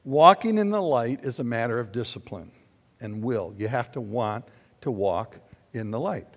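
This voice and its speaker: An older man preaching a sermon in a church, animated and questioning his congregation. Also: mid-range voice, moderate pace. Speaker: pastor. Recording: long hall reverb.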